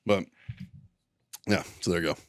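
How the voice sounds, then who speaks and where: A man's voice: deep voice, moderate pace. A man in his thirties, co-hosting a podcast, telling a war story in a loose, swearing, filler-heavy way. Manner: swears freely, lots of fillers, laughs mid-story. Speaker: podcast co-host. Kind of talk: casual profane storytelling.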